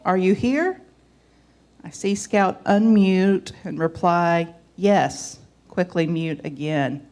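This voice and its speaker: This is a woman in her forties from the Southern United States, with a Southern accent and a somewhat low, slightly mellow voice. She gives a homey church reflection, reading scripture and adding folksy asides.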